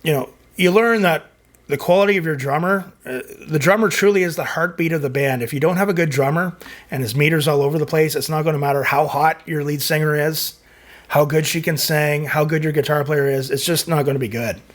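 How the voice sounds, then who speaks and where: On his music reaction channel, a middle-aged Canadian man reads out viewer comments in a loose, rambling chat full of fillers. His voice is on the high side and fairly quick.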